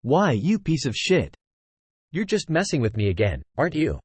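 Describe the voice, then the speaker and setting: A man's voice: a little high, very animated, normal speed, breathy edge, no echo. A man voicing a brash, hot-tempered young woman. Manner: curt, swearing, pressing questions.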